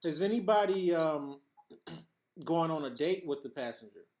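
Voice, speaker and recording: A man's voice: fairly high pitch, expressive, measured pace, darkish tone. A man hosting a casual roundtable, laid-back, laughing along and asking guests questions. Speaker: host.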